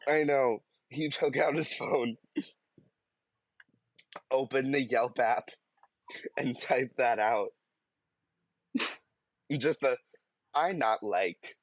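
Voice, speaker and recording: A young man co-hosts a casual podcast, talking slowly and wryly as he drifts into tangents. His voice sits at an ordinary pitch and sounds close and dry, with no room around it. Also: steady tone, dry recording. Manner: unhurried, wry, trailing into tangents. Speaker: podcast co-host. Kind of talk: casual chat.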